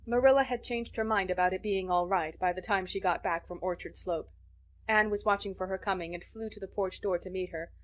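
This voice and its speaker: A woman narrating a classic novel as an audiobook, measured and expressive. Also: mid-range voice. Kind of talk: scripted narration.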